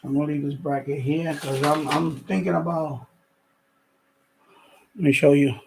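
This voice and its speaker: Breathless gravelly man chatting. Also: on the high side, steady tone, moderate pace, pauses often, noisy background. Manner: chatty, laughing to himself while working on his setup. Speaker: ham radio streamer. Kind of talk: casual live-stream chat.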